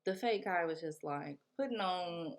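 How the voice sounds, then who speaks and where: A young woman tells a casual storytime tale to camera. Her pitch swings widely and her delivery is animated, with frequent laughter and quick acted-out bits. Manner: animated, laughs often, acts out quotes. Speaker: vlogger.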